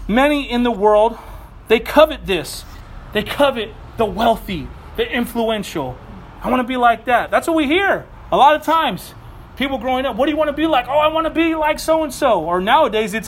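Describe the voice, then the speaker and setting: A pastor delivering a sermon in a conversational, playful way, with asides and quick laughs. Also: male voice, high-pitched, fairly bright tone.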